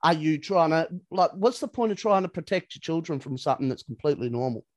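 Higher-pitched man, blunt and rambling. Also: expressive, quick pace, dry recording, clean studio sound. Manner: rambling, blunt, swears, says "you know" often. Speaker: podcast co-host. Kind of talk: casual chat.

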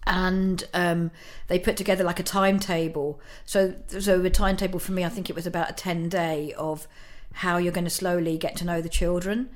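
A woman's voice: lowish voice, flat delivery, moderate pace, hardly any pauses. A middle-aged woman, a guest in an interview, telling a personal story in a chatty way, laughing often and using many fillers.

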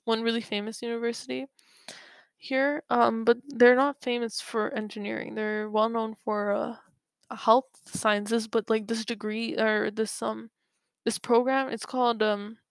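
A woman's voice: on the high side, clear, resonant tone, no room sound. A young woman vlogging in a casual, rambling way, often laughing and correcting herself. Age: young adult. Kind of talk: casual storytelling to camera. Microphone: own mic, bumped at times.

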